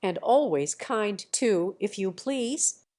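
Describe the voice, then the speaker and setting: A woman's voice: mid-range voice, lively intonation, takes it slowly, warm tone. Woman reading a brusque older noblewoman. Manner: abrupt, scolding and commanding.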